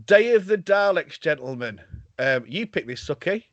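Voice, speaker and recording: A man's voice: fairly high pitch, animated, moderate pace, no room sound. A man hosting a podcast, chatting casually over a video call, swearing a lot, laughing often and rambling through stories. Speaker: podcast host. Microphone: video call headset or desk mic. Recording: dull lo-fi video call audio.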